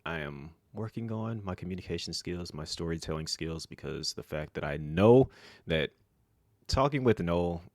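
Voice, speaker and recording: A man talking casually to camera as a vlogger, in a flat, monotone, rambling way. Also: deep voice, normal speed, dry recording. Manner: self-described monotone, relaxed and rambling with fillers.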